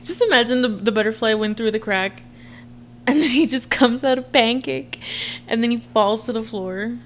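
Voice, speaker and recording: A woman in her twenties giving a chatty, expressive reaction commentary to her viewers. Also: a little high, normal speed, a little hiss or hum. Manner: chatty and expressive, frequent laughs and asides to viewers. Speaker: reaction vlogger.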